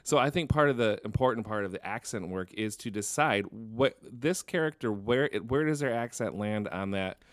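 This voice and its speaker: A man's voice: fairly low pitch, lively intonation, moderate pace, few pauses, no room sound, clean studio sound. A young man with a Northern Michigan accent co-hosting a casual movie chat, thinking aloud earnestly and swearing freely. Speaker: podcast co-host.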